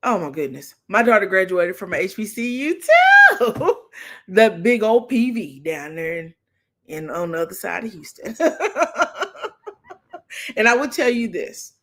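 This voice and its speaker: A middle-aged woman, hosting a casual livestream chat, telling animated stories and laughing often. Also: medium pitch, a little slow, pauses often. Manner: animated storytelling, laughs often, acts out her daughter's lines. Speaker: livestream talk show host. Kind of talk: casual chat with live chat viewers.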